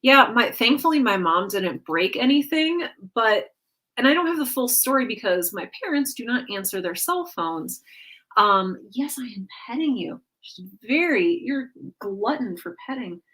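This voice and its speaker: A woman's voice: on the high side, big pitch swings, normal speed, sharp tone. Chatty woman hosting a livestream. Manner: chatty, with many fillers and self-corrections. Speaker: livestream host. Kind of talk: casual chat with a live audience.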